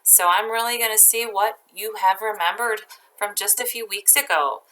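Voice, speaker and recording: A woman teacher slowly dictating a spelling test to her class, stretching out each word and sentence. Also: mid-range voice, fairly even intonation, bright, forceful tone, low-quality recording.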